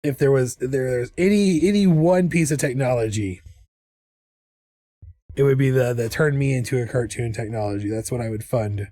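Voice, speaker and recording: A man's voice: mid-range voice, moderate pace, warm tone, no room sound, studio quality. A man chatting casually on a live art stream, rambling and restarting his sentences. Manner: rambling, with many restarts and laughs.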